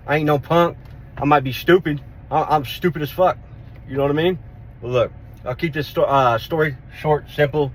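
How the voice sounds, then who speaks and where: A middle-aged man telling a street fight story in a casual vlog, rough-spoken, swearing and repeating himself as he goes. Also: mid-range voice, a little hiss or hum. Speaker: vlogger.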